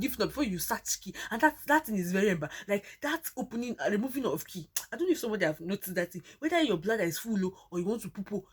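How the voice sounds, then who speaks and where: A woman's voice: medium pitch, husky. A young woman with a Nigerian accent telling a personal story in a casual, dramatic way, often repeating herself for emphasis. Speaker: vlogger.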